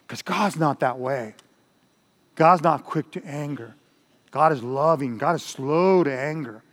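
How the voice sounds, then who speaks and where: An older man preaching a sermon as pastor, in a conversational style with Spanish asides. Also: fairly high pitch. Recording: long hall reverb.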